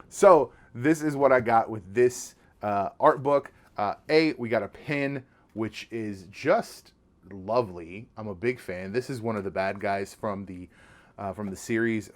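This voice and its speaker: A man hosting a casual podcast, showing off items with eager, rambling enthusiasm and lots of restarts. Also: fairly low pitch. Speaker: podcast host. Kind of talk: casual podcast show-and-tell.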